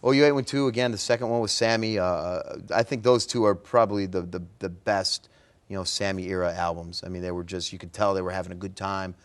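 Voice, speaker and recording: Very deep-voiced male guest. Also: a little fast, clear, resonant tone. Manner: relaxed, filler-heavy storytelling. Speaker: guest, music fan. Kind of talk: casual interview chat.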